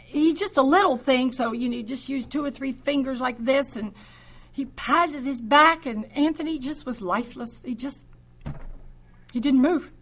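An older woman telling a personal faith story in a halting way, often repeating words and restarting her sentences. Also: high voice, fairly bright tone. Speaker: speaker giving a personal testimony.

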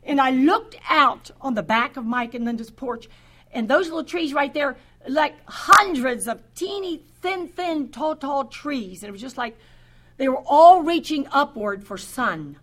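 An older woman shares a personal story of faith in a high, bright voice. She speaks slowly and haltingly, often doubling back and repeating words before going on. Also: lively intonation. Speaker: speaker giving a personal testimony.

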